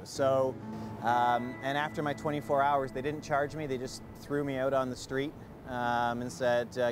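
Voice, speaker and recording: Regular-pitched guy telling his story, earnest, lots of ums, music in the back. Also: steady tone. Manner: earnest, halting with fillers. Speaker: interviewee. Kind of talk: personal testimony.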